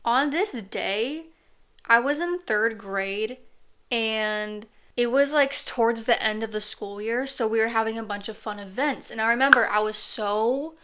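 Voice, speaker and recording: A woman's voice: on the high side, a little slow, pushed and bright, slight background noise. Chatty woman telling a personal story. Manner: chatty, many "like" fillers, earnest. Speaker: storytime podcaster.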